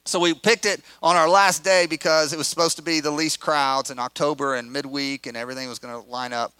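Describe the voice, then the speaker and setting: A middle-aged man, a pastor, telling a story in an animated, conversational way with acted quotes. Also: fairly high pitch, brisk, smooth, dry recording. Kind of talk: storytelling sermon.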